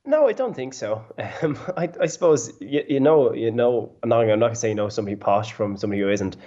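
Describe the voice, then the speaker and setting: A man's voice: mid-range voice, expressive, fast, mellow. A man with a Dublin accent, a radio panellist, easygoing and hesitant, full of fillers. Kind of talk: casual radio panel chat over a call. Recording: dull lo-fi call line.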